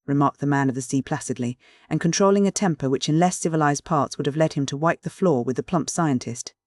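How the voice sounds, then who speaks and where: An audiobook narrator reading a classic mystery in a clear, measured literary style. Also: medium pitch, no echo, clean studio sound.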